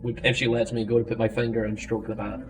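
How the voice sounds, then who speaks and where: A player speaking in character at a tabletop game, calm and measured. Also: medium pitch. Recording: distant mic with clear background noise.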